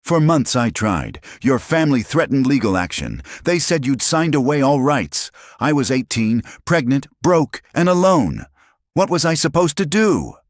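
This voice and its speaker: A man's voice: sits low, animated, normal speed, darkish tone, no room sound, clean studio sound, pitched above the performer's own voice. A man voicing a desperate, heartbroken young mother who cries out in anguish, in a storytelling narration. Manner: tearful, raises her voice in anguish.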